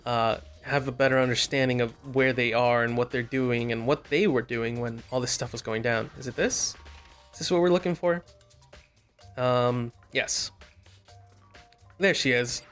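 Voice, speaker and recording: A man's voice: mid-range voice, fairly even intonation, normal speed, a bit bright, faint music behind. Chatty young man playing a game. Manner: loose and chatty, with fillers. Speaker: let's play host. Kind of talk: casual gameplay commentary, reading dialogue aloud.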